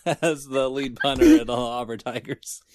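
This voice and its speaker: A man's voice: medium pitch, huge pitch swings, normal speed, no room sound. A man co-hosting a casual sports podcast, laid-back and joking. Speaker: podcast co-host.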